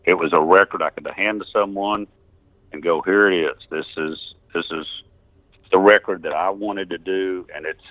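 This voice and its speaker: A man's voice: low-pitched, fairly even intonation, moderate pace, no room sound. An older man from Texas telling rambling stories with chuckles and restarts in a casual interview. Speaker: musician telling his story. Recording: tinny phone-line interview.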